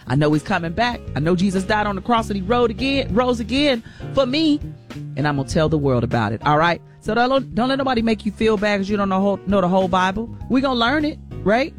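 A woman radio host delivers a spirited inspirational message, preachy and emphatic, repeating key lines for stress. She talks folksy and direct, calling her listeners y'all. Faint music plays behind her. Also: medium pitch. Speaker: radio morning show host.

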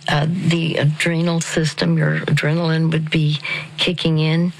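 A woman counseling a caller in a soft, near-whispered voice, halting with many fillers as she guides slow breathing. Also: low-pitched, flat delivery, gravelly, slight background noise, low-quality recording. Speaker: Christian counselor. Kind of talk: slow, soothing counseling on a call-in show.

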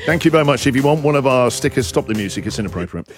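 A man's voice: medium pitch, rapid-fire, music in the background. A man hosting a breakfast radio show, joking with his co-hosts and reading out listener messages. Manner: joking, animated, reads listener messages aloud. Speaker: radio host.

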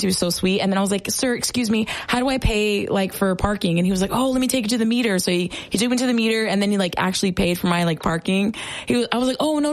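A young woman hosting a radio show, chatting excitedly about her weekend in a casual, storytelling way. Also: on the low side, creaky. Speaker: radio host.

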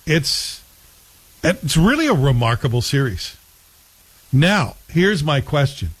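A man's voice: a little high, very animated, takes it slowly, slightly rough, poor audio. Rambling, opinionated man in casual chat.

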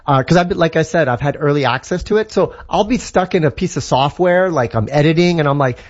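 A man's voice: fairly high pitch, quick pace, dull audio. A man from Canada explaining tech in a casual, enthusiastic, rambling way, with lots of fillers and restarts. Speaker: tech guest. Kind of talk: casual tech talk segment.

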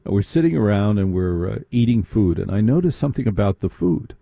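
A man telling a sarcastic, animated comic story in a stand-up style. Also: on the low side, a little fast, gravelly, dry recording, studio quality. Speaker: comedic storyteller.

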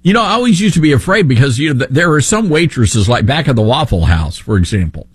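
A man's voice: mid-range voice, very animated, quick pace, slightly rough, no echo. A man with a Southern accent hosting a talk radio show, sarcastic and opinionated.

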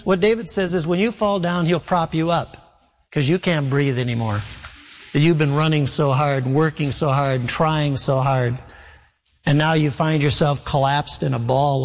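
A man's fairly high voice preaches in a relaxed, conversational way, slipping easily between scripture reading and plain talk. It rings out with the long reverb of a large church sanctuary. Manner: folksy, conversational preaching, acts out dialogue in the story. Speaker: pastor. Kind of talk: sermon with storytelling.

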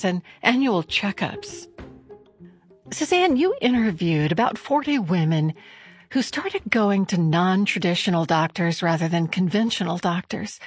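Female radio host, scripted narration, measured delivery, animated pitch, soft music bed.

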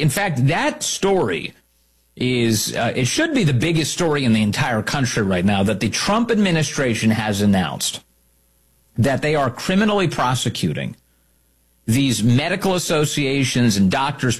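A man's voice: medium pitch, husky. A man hosting a talk show, delivering an emphatic, opinionated monologue and repeating key lines for effect.

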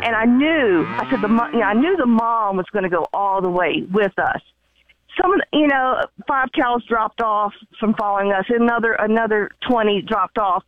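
A woman calling in to a show and telling a story in a chatty, animated way with many fillers, heard over the phone. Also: a little high, moderate pace, dry recording. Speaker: caller. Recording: muffled phone line.

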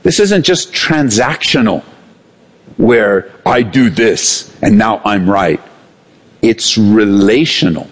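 A man preaching a sermon as pastor, animated, swinging between raised and hushed delivery. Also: on the low side, slow pace.

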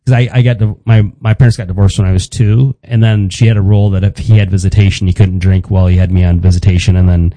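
A man in his fifties tells a story in relaxed conversation, restarting sentences with wry humor. His voice is warm and dark, recorded dry and close with no room sound. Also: sits low, fast talker, hardly any pauses, no echo, poor audio. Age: 50s. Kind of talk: casual storytelling chat.

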